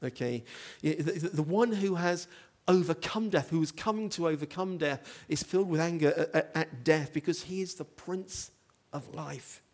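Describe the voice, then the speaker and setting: A man's voice: on the high side, normal speed, few pauses, a little mellow. A man preaching a sermon, telling a story with animation and asking the congregation questions. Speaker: pastor.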